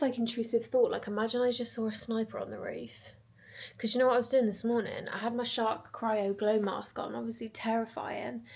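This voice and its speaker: A woman's voice: a little high, a little mellow. Young girl vlogging on her phone, self-deprecating rambly chat, slightly distant sound. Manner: chatty, self-mocking, rambling storytelling. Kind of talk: casual vlog chat.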